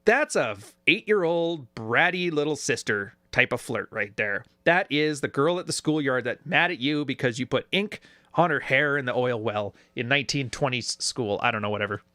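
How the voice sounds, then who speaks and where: A male YouTube commentator of medium pitch speaks at a moderate pace on an echo-free recording. His reaction commentary on video clips is casual, sarcastic and animated, peppered with mocking put-on voices for the lines he quotes.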